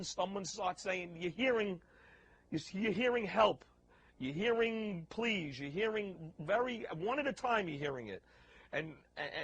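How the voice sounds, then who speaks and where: A man giving an emotional eyewitness account, halting and repeating himself as he restarts phrases. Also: fairly high pitch, a little hiss or hum, rough recording. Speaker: eyewitness, building worker.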